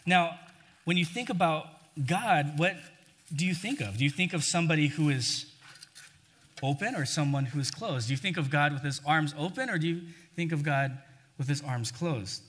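Conversational male preacher with a bright voice. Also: a little high, normal speed, in a large hall. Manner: conversational, acts out scripture quotes. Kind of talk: sermon.

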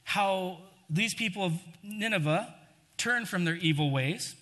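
Male preacher, casual conversational sermon, bright voice, hall reverb. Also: sits high, expressive, a little slow. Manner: conversational, acts out scripture quotes.

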